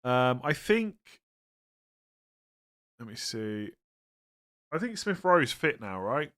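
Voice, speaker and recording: A man's voice: mid-range voice, sing-song, slow pace, fairly bright tone. Tired male streamer reading out and answering viewer questions, casual and meandering. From England. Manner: chatty, rambling, self-interrupting, tired and yawning.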